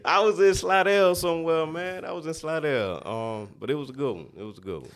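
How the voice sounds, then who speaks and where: A man's voice: a little high, a little fast. A man with a New Orleans accent, a podcast guest telling stories in a laid-back way and laughing often. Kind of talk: casual storytelling.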